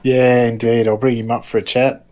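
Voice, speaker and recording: A man's voice: medium pitch, little pitch movement, normal speed, a little mellow. A man hosting a sim racing broadcast, chatty and upbeat, calling guests mate. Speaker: broadcast host.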